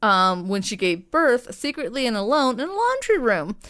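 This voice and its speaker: A woman's voice: fairly high pitch, big pitch swings, normal speed, a bit bright. A woman co-hosting a podcast, telling a story in casual chat, rambling with lots of fillers and swearing. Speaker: podcast co-host.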